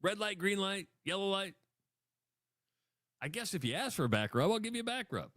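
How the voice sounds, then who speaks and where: A man co-hosting a radio show, tossing out quick jokes in casual banter and taking calls. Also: sits high, expressive, a bit bright, no echo, clean studio sound. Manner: quick, joking comebacks.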